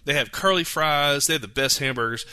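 A man's voice: on the high side, fairly quick, sharp tone, clean tone, no room sound, studio quality. A man, rambling through childhood stories in casual chat as a podcast host. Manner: rambling, self-correcting storyteller.

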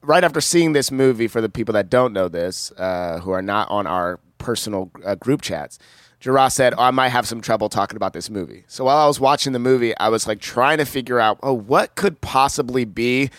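Man, podcast co-host, halting storyteller, mid voice, dry close mic. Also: medium pitch, lively intonation, dry recording. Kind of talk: casual film-review chat.

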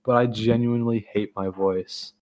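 Speaking at a moderate pace with medium pitch, fairly even intonation, and a darkish tone, a young man hosts a relaxed chat. His talk rambles, with plenty of fillers, restarts, and self-corrections.

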